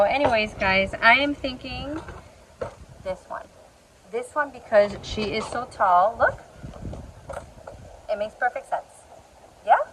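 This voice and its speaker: A woman's voice: on the high side, background noise. A woman chatting enthusiastically to her viewers as she shows a hobby project outdoors. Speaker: orchid vlogger. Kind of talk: casual chatty demonstration. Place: outdoors in the sun and wind.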